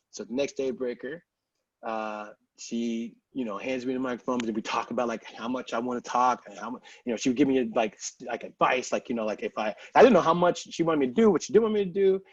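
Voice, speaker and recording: A man from Texas tells his story as a podcast guest, casual and chatty, with frequent "like" and "you know". His voice sits at a middle pitch. The sound is dry and a little dull, like a modest lo-fi setup. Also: a little fast, dry recording.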